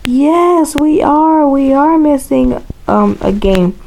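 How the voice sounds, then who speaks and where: A young man quoting a startled female grade-school teacher, his voice raised high. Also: animated, slow, vocal fry, a little mellow, full character voice, poor audio.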